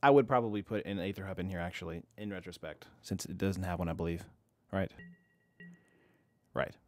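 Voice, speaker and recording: A man's voice: sits low, fairly quick, no room sound. A young man casually commenting while he streams an online card game, chatty and self-deprecating, reading viewers' chat aloud.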